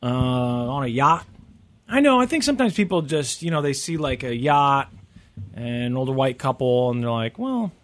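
A man's voice: mid-range voice, lively intonation, normal speed, fairly bright tone. A man hosting a casual podcast chat, rambling and joking as he talks. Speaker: podcast host.

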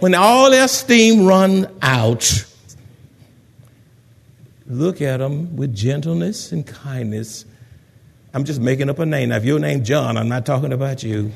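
A man preaching a sermon in an animated way, acting out the voices of gossiping people. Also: mid-range voice, measured pace, gravelly, pauses often, big-room sound. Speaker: pastor.

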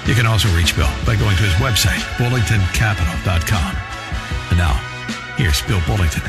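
A man's voice: lowish voice, lively intonation, loud music behind the voice. Male announcer reading show intro. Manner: measured promo read. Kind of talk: scripted announcement.

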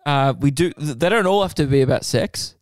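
A man's voice: fairly high pitch, fairly quick, dry recording, studio quality. A young man co-hosting a comedy podcast, bantering bluntly and crudely. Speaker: podcast co-host. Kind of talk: casual comedy podcast chat.

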